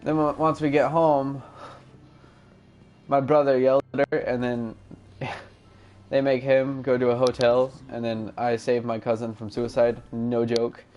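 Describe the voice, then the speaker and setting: A man's voice: medium pitch, completely flat delivery, a little slow, long pauses, a little mellow, muffled recording, a little hiss or hum. A young man hosting a gaming channel, telling a loose, rambling story with fillers and mumbled asides. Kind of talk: casual storytelling over gameplay.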